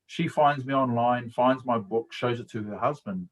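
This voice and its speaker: A man's voice: mid-range voice, normal speed, low-quality recording. Middle-aged New Zealand man, casual coach, colloquial storyteller, mid-range voice. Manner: storytelling, laughs often, colloquial. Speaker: guest speaker and coach. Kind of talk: casual live-stream talk.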